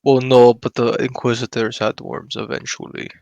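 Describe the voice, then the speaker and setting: A man playing a tabletop game, talking in a deadpan, clipped way. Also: mid-range voice, normal speed, creaky, no room sound, lo-fi sound. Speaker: player. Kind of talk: casual tabletop chat.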